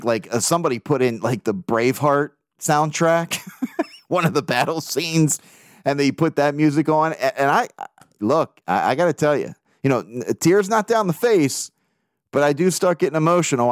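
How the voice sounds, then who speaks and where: This is a man talking through his own sports podcast, excitable and quick to swear as he relives big games and reads out emails from listeners. His voice sits at an ordinary middle pitch. The sound is dry and close, with no room around it. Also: dry recording. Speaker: podcast host. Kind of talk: casual podcast monologue.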